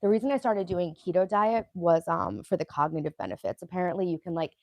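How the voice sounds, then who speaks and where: A young woman hosting a casual livestream, chatting loosely and stopping to answer her viewers' comments. Her lowish voice has a gravelly edge. The sound is close and dry, with no room around it. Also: animated, a little fast, dry recording. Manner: chatty, rambling, reads and answers chat. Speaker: livestream host.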